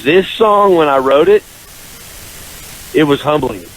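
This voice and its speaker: Animated man telling a long story. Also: measured pace, poor audio. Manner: animated storyteller, jumps into high voices for quoted friends. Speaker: country singer, guest. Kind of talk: casual storytelling interview. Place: radio studio.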